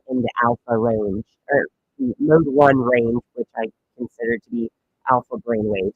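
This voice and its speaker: A man hosts a comedic weather livestream in a loose, rambling way, full of fillers and asides. His voice sits at a middle pitch. The audio is dull and lo-fi. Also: creaky, breathy edge. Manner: rambling, joking, many fillers. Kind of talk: casual livestream weather commentary.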